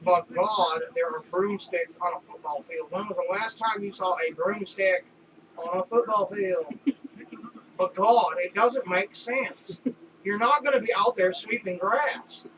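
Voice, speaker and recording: A high-pitched man with a New York accent chats about wrestling on a podcast. He tells his stories loud and animated and swears freely. He sits well away from the mic, with clear background noise in the recording. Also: a little slow, distant mic. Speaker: podcast co-host. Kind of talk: casual chat watching wrestling.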